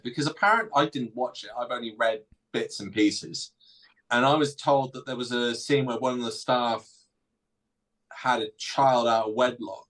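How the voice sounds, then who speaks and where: A man's voice: medium pitch, a bit bright, low-quality recording. A man hosting a casual political podcast, ranting indignantly. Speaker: podcast host.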